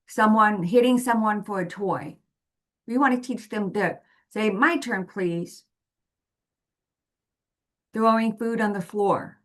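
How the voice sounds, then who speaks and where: A woman's voice: medium pitch, a little slow. A woman presenting to parents in a patient, explanatory way, walking through everyday examples. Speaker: parent guide presenting to families.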